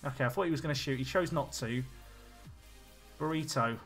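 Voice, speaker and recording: A man streaming a football management game, chatting nervously and swinging between low mutters and panicked yelling. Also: racing, breathy edge, faint music behind. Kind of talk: live game commentary.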